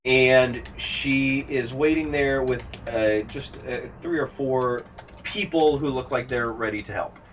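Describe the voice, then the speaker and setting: A man narrating a tabletop game as game master, describing scenes at length and pausing with fillers. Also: medium pitch, a bit bright. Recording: distant mic, faint background hiss.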